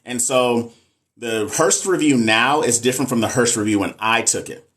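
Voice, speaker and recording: A man's voice: mid-range voice, normal speed, a bit bright. A man with a Texas Southern accent hosts a casual livestream in a mid-range voice. He chats candidly, reads viewer comments aloud, and gives straight, unfussy advice. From American South. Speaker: nurse and livestream host.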